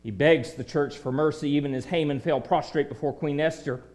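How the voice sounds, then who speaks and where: A man preaching a sermon in a dramatic way, dropping to a hush and then rising to loud declaiming. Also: a little high, fairly quick.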